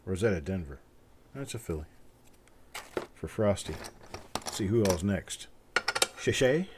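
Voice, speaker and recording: Joking low-voiced male livestream host. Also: animated, a little slow, background noise. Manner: upbeat, joking, calls out viewer names. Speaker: host of a live coin giveaway stream. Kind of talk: casual livestream chat.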